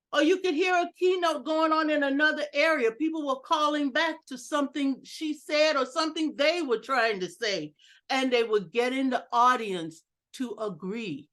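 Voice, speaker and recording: Slow, high-voiced woman teaching speaking skills. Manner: deliberate, varies pitch and loudness for emphasis; self-mocking humor about her technical skills. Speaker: educational speaker at a club meeting. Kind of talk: instructional speech over a video call. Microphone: video call computer mic.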